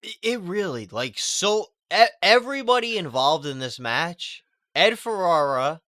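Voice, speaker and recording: A man with a high, bright voice talks sarcastically in loose podcast banter. He slips into mocking quotes and builds up to exasperated rants. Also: big pitch swings, a little slow. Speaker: podcast co-host. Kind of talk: casual chat.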